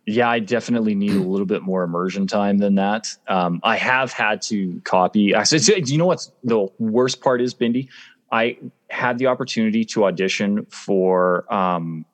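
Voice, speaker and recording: Man from Canada, lowish voice, playful, laughing, video-call guest. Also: moderate pace. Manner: playful, laughs, stumbles and restarts. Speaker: actor and guest. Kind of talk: casual interview chat.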